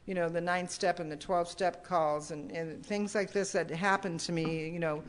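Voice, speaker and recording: A woman's voice: lowish voice, fairly even intonation, normal speed. Older woman, recovery meeting speaker, rambling testimony full of restarts and asides. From United States. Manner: rambling, restarts often, many "you know"s. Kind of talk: personal testimony talk. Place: meeting hall.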